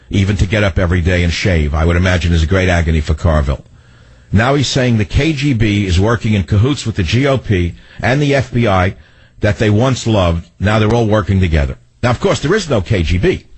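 A middle-aged male talk radio host with a lowish, husky voice. He rants in a mocking, sardonic way. His monologue is delivered from a radio studio mic. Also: low-quality recording.

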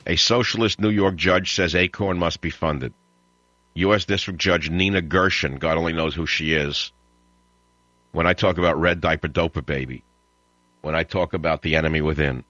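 A man's voice: extremely low pitch, fairly even intonation, normal speed, bright, forceful tone, dry recording, soft background music. A man hosting a talk radio show, ranting and mocking in a combative monologue. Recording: slightly dull lo-fi broadcast audio.

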